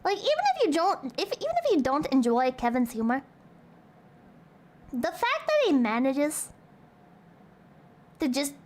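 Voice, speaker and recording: Young woman streaming, squeaky and lively, rambly crude jokes. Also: measured pace, pauses often. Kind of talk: casual livestream chat, reading donations.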